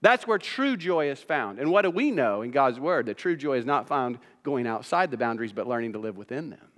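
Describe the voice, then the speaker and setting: A man's voice: mid-range voice, sing-song, a little fast, a bit bright. A man preaching a sermon as pastor, posing rhetorical questions and building emphasis as he teaches. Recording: long reverb of a hall.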